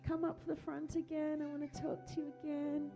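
A woman pastor, speaking gently and encouragingly, often repeating her phrases, during a church service and children's talk. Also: high voice, completely flat delivery, brisk, vocal fry, faint music behind. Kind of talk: worship prayer and children's talk. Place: church hall. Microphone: handheld microphone.

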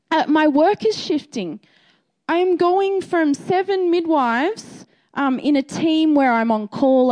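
A woman's voice: very high voice, a little mellow. A woman who works as a midwife, giving a chatty faith testimony and encouragement, acting out her own reactions as she talks. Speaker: midwife sharing a faith message.

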